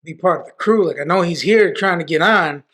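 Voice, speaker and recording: Man, high voice, podcast guest, casual profane storytelling, restarts. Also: a little fast, fairly bright tone. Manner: loose, profane, full of restarts.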